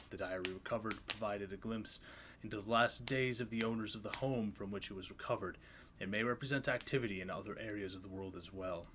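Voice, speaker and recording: Male live horror reader, low-voiced, steady and sober. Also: background noise. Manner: steady, sober read with occasional asides. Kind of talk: live reading of horror fiction.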